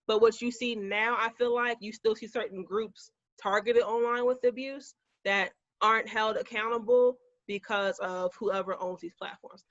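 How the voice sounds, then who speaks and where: A woman's voice: medium pitch, a bit bright, no echo, lo-fi sound. A woman co-hosting a podcast debate, reasoning through her points at length with fillers. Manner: thoughtful, talks in long reasoning runs with fillers. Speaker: podcast co-host. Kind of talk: casual debate chat.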